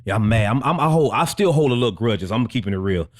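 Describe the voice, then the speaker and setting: A man co-hosting a podcast, telling stories casually, animated and swearing freely. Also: mid-range voice, quick pace. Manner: animated, swearing, impersonates others. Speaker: podcast co-host. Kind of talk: casual chat, reminiscing.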